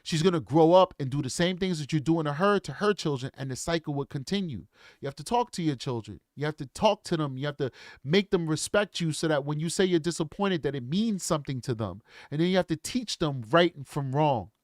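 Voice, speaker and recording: A true crime commentator in his forties talks straight to his viewers with casual, opinionated remarks. His fairly high, animated voice runs a little fast, captured in a dry, studio-quality recording.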